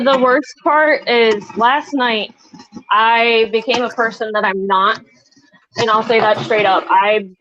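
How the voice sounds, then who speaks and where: A woman's voice: on the high side, a bit bright. Woman guest, remote call, faint hiss, hurt and defensive. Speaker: stream guest. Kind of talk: emotional livestream talk. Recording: slightly dull remote call audio.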